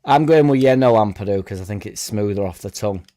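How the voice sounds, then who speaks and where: Mellow-voiced man chatting on a livestream. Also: on the low side, fast. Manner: rambling and chatty, reads out viewer comments; self-deprecating asides. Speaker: fan channel host. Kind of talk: casual live-stream chat.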